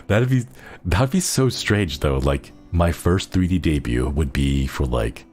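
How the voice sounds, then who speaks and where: A man's voice: a bass voice, lively intonation, a little slow, darkish tone, soft background music. A young man streaming as a virtual idol, chatting casually in a rambling way full of fillers and giggly asides. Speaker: VTuber streamer. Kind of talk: casual chat.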